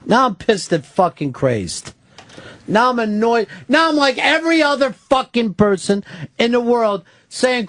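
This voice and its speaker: A man's voice: very high voice, big pitch swings, measured pace, a bit bright, dry recording. A middle-aged man hosting a radio show, ranting angrily and swearing at a caller. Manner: profane, heated, scolding. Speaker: radio host. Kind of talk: angry on-air rant. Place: radio studio. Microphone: studio microphone.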